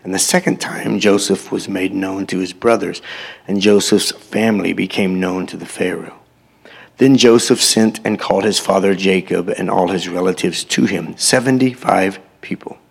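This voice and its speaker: Gravelly low-voiced preacher. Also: male voice, steady tone, moderate pace. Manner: reads scripture aloud, breaking in with short asides. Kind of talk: sermon scripture reading with commentary.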